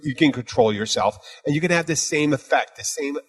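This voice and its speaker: A man chatting casually as co-host, animated and ranting, swearing freely. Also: fairly high pitch, fairly quick, breathy edge. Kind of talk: casual chat.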